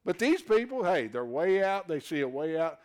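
Lively preacher with a swinging voice. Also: male voice, a little high, normal speed. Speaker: preacher teaching a congregation. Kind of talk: sermon.

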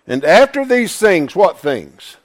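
A man's voice: sits high, big pitch swings, slow. A man preaching a sermon, emphatic, firing questions at the congregation. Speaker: pastor.

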